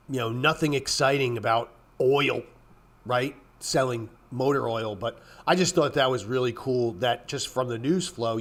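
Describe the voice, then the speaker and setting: A man hosting a casual trading show, rambling bluntly with profanity and frequent throat clearing, working up into exasperated rants. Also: medium pitch. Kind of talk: casual market commentary.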